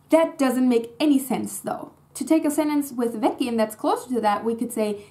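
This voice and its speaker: A woman's voice: sits high, animated, brisk, few pauses, darkish tone. A young woman, a native German speaker, giving a casual, chatty lesson that explains grammar in English and stresses her example words. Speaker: German language teacher.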